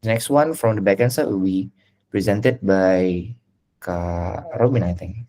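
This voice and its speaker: A man's voice: sits low, unhurried, dark tone. A man presenting dashboard updates on a video call, listing items with frequent fillers. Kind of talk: casual screen-share presentation.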